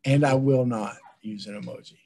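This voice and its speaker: A man's voice: medium pitch, normal speed, dark tone. A man co-hosting a casual podcast, airing blunt opinions with frequent restarts. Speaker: podcast co-host. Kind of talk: casual chat.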